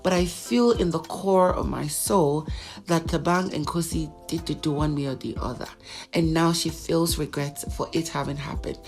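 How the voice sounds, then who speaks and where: A woman with a fairly low voice dishes reality-show gossip in a chatty, dramatic way. She acts out the voices of the people she talks about. Soft music plays faintly behind her. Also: normal speed. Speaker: celebrity gossip vlogger. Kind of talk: casual reality-TV recap.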